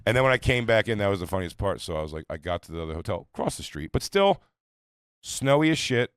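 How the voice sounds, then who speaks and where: Fast-talking man in his forties, dry close mic. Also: on the low side, clean tone, no room sound. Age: 40s. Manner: fast, animated, acts out other voices in quotes. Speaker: podcast co-host telling a story. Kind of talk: casual comedic storytelling.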